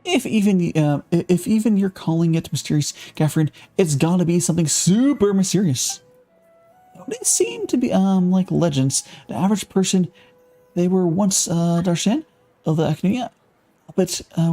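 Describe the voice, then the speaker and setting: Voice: mid-range voice, expressive, normal speed, mellow, faint music behind. A live-streamer reading quest text aloud and stopping to react to viewer chat, with fillers and restarts.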